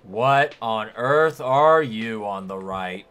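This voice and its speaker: A man's voice: fairly low pitch, lively intonation, slow, fairly bright tone, clear, resonant tone, soft background music. Man joking through a game stream. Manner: joking reactions, swearing. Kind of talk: casual gameplay commentary.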